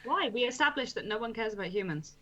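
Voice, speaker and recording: A woman's voice: fairly high pitch, lively intonation, fast, pushed and bright, highs cut off. Playful woman player, casual chat at the game table. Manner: playful, questioning.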